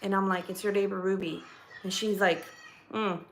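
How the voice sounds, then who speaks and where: Woman, casual storytime gossip, swears a lot, rambling and animated, faint hiss behind. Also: medium pitch, normal speed. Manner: swears often, restarts sentences. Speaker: vlogger. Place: home.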